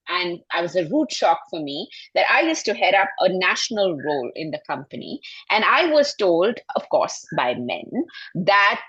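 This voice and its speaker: A middle-aged woman with a husky, breathy voice speaks emphatically on a panel, often restarting her sentences. Her voice sounds dry and close, with a slightly muffled, dull recording. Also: medium pitch, a bit bright, no room sound. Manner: emphatic, heartfelt, frequent restarts. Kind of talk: personal storytelling on a panel. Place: festival stage.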